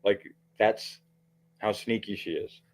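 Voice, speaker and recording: A man's voice: lowish voice, slow pace, a little mellow. A man giving heated, profane livestream commentary, rambling with frequent restarts and fillers.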